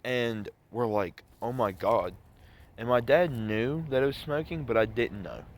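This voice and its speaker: A man's voice: mid-range voice, normal speed, a little hiss or hum. A man casually telling a rambling story to the camera, with many fillers and restarts. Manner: rambling, filler-heavy retelling. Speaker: vlogger.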